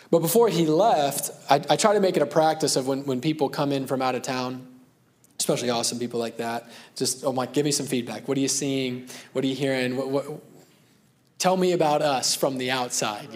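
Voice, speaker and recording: Earnest conversational male pastor. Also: on the high side. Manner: conversational, earnest, with self-deprecating asides. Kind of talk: sermon.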